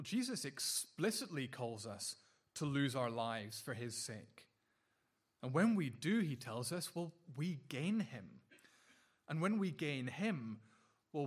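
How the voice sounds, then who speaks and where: A man preaching a sermon earnestly, repeating words and restarting phrases, and slowing down to linger on key lines. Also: mid-range voice.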